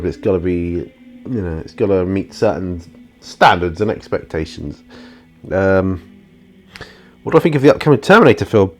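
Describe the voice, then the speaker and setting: Outdoors near his studio, a man hosting his own channel answers viewer questions in a casual, rambling monologue full of ums and restarts. His voice is low-pitched and a little mellow.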